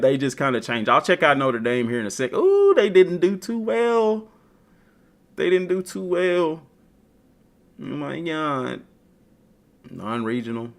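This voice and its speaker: A man chatting casually and trash-talking as a gaming streamer. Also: on the high side. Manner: animated, trash-talking, slangy. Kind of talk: casual chat while browsing a game.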